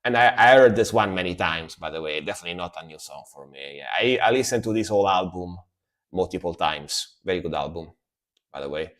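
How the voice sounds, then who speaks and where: A man's voice: low-pitched, lively intonation, fairly quick, a bit bright. A man from Italy, chatting casually and rambling as he reacts to metal songs on a live stream, often repeating himself. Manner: rambling, repeats words, laughs easily.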